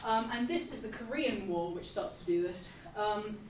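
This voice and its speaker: A young woman giving a casual, jokey history lesson, animated and laughing often. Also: mid-range voice, moderate pace, recorded from a distance. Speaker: history explainer. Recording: echoey room, off-mic, faint hiss.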